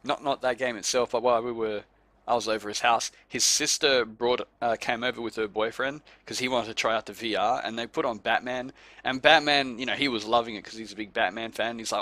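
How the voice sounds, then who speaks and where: A man's voice: medium pitch, steady tone, brisk, sharp tone, no room sound. A man hosting a casual gaming podcast, swearing freely and acting out his friends' reactions as he tells a story. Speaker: podcast host. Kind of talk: casual chat.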